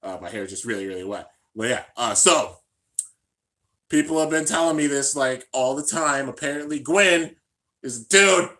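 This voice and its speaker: A man with a bright, forceful voice runs a live reaction stream and chats casually in slang. He jumps from excited shouting down to quiet mumbling and says "dude" all the time. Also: moderate pace. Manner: swings between hyped shouting and low mumbling.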